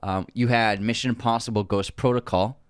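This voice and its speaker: A man's voice: lowish voice, steady tone, fairly quick, smooth, no room sound, studio quality. A man co-hosting a film podcast, chatting casually about a movie and often restarting his sentences. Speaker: podcast co-host.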